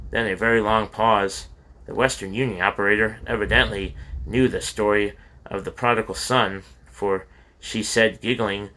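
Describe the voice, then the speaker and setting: A man narrates a memoir in a low-pitched but bright, forward voice. His reading is earnest and heartfelt, with the odd slip and restart, like someone reading aloud at home rather than a polished studio pro. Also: steady tone, normal speed. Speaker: audiobook reader.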